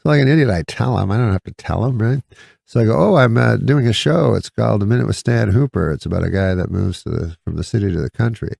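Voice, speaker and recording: A middle-aged man telling a rambling deadpan anecdote with halting restarts as a comedian guest. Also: lowish voice, creaky, no room sound, studio quality. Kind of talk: casual anecdote on a podcast.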